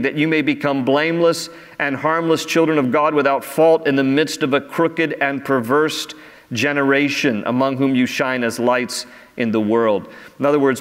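A man's voice: medium pitch, fairly bright tone, in a large hall. A man, preaching earnestly as a pastor and rising in emphasis on key phrases. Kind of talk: sermon. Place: church sanctuary.

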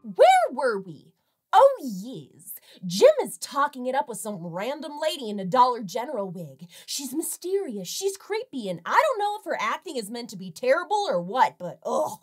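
A woman's voice: fairly high pitch, wildly swooping pitch, moderate pace, slightly rough. A woman hosting a comedic film review, narrating with sarcastic, jokey asides. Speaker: film reviewer and show host.

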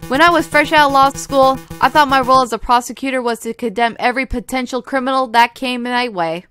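An earnest rooster prosecutor, reflective and lecturing, as a woman gives him voice. Soft music sits faintly behind. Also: high-pitched, a little fast.

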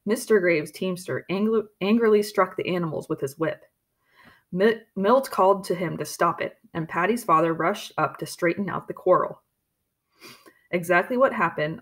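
A woman reading a storybook chapter aloud in a steady, plain manner, with occasional slips and restarts. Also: lowish voice. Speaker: audiobook reader. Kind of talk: storybook narration.

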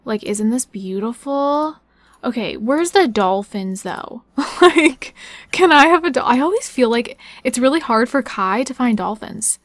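A young woman chatting her way through a life-sim game, excitable and quick with her words. Her voice sits fairly high, and the sound is close and dry with no room around it. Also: dry recording. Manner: fast-talking, excitable, chatty. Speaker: gaming YouTuber. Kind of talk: casual gameplay commentary.

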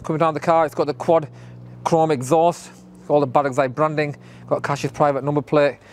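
A man hosting a casual vlog and giving an enthusiastic, rapid rundown of customized cars outside a showroom. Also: on the high side, little pitch movement. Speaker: vlogger showing cars. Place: outdoors by a car showroom, then inside. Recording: music playing behind.

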